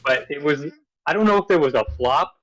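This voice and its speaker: A man's voice: a little high, expressive, fairly quick, a bit bright, no echo, low-quality recording. A man co-hosting a movie podcast in casual chat, easygoing, running through his picks from notes with fillers. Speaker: podcast co-host.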